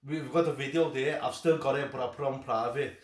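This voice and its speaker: A man co-hosting a reaction channel, relaxed and chatty with short replies. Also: mid-range voice, fast. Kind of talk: casual chat. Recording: echoey room, distant mic.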